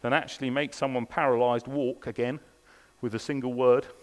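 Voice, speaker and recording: A man's voice: mid-range voice, flat delivery, normal speed. A man preaching a sermon at a church service, earnest and pressing his listeners with repeated rhetorical questions. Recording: long reverb of a large hall.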